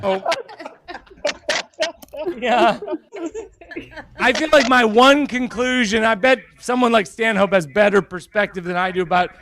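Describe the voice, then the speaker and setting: A man performing a stand-up comedy set, rambling and self-deprecating in a deadpan way. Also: sits high, a little slow, pauses often. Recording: crowd laughter in background. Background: audience laughter.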